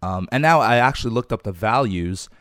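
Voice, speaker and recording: Talking cars on his podcast, this host drifts loosely through the topic with fillers along the way. His voice is on the low side yet a bit bright, fairly quick, and lively in intonation. Clean studio audio, no room sound.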